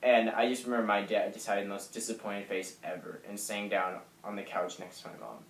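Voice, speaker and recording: A young man in his late teens telling a personal story to camera, soft and halting with lots of fillers. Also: lowish voice, fairly even intonation. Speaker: vlogger. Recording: echoey room.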